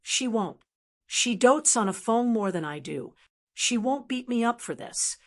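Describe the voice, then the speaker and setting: A woman voicing a boastful middle-aged male martial arts master who scolds his disciple loudly. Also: a little high, animated, unhurried. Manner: loud scolding, embarrassed bluster.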